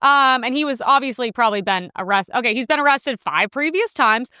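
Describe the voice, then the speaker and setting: Young woman ranting sarcastically on her show, bright crisp voice, bounces up and down a lot. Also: on the high side, expressive, fairly quick, dry recording, studio quality. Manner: sarcastic, rambling with many fillers. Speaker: host. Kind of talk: casual commentary reacting to news clips.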